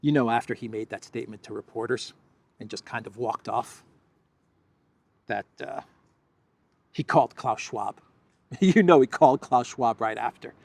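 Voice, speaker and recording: A man's voice: medium pitch, normal speed, long pauses, a little mellow, no echo. A man hosting a solo political commentary, sarcastic and mocking, laughing often and acting out quotes in silly voices.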